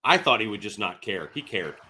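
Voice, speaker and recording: A man appearing as a guest on a casual podcast, telling animated anecdotes and laughing often. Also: on the low side, brisk, noisy background. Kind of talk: casual storytelling.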